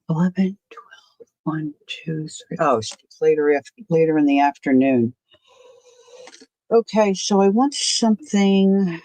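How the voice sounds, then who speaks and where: A woman's voice: on the low side, animated, takes it slowly, long pauses, darkish tone, no echo. A woman hosting a casual art journaling livestream, chatting to herself and greeting viewers by name as she works. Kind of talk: casual chat while crafting on a livestream.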